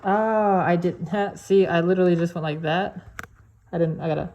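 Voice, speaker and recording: Low-voiced woman chatting casually over noise. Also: moderate pace, lo-fi sound. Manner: chatty and slangy, talks to the robot like a person. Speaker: product reviewer. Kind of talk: casual unboxing commentary. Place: home. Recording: noisy home recording.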